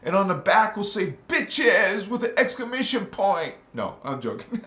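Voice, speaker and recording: A man hosting a casual spiritual livestream from his bedroom. He laughs a lot and talks in animated street slang. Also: sits high, slow pace, roomy sound. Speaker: livestream host. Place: bedroom, on a squeaky bed.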